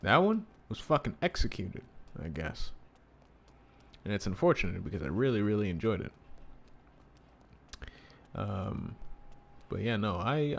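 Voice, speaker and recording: A man's voice: lowish voice, big pitch swings, a little slow, creaky, long pauses. A man giving casual gameplay commentary, rambling and swearing with amusement at his own jokes. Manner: rambling, profane, self-amused. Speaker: gaming streamer. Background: game music.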